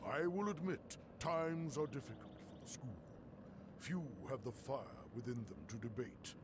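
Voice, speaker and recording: An actor playing a male academy master in a video game, speaking in a measured, formal way. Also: medium pitch, animated, heavy background noise, natural voice. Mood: lofty.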